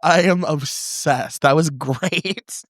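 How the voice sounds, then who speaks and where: A man's voice: fairly high pitch, takes it slowly, no room sound, studio quality. A young adult man co-hosting a podcast in casual chat, enthusiastic and laughing often. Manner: enthusiastic, laughs often, uses 'like' a lot. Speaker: podcast co-host.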